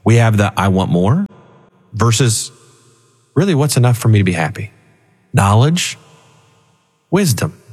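A man co-hosting a financial radio show, explaining retirement money choices through animated stories and acted-out voices. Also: mid-range voice, a little slow, pauses often, husky, long reverb tail. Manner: animated storytelling, acts out voices in quotes. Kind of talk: conversational financial advice.

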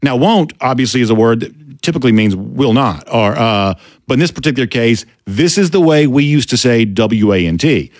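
Georgia-accented male host, emphatic opinion commentary, very animated delivery. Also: medium pitch, no echo, clean studio sound. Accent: Georgia Southern US. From Gainesville, Georgia. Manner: emphatic, drawn-out words for stress. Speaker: sports show host.

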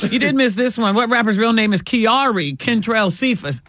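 A woman hosting a morning radio show, chatting with co-hosts and a caller in a warm, chatty way. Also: on the high side, moderate pace, no echo, studio quality. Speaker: radio host.

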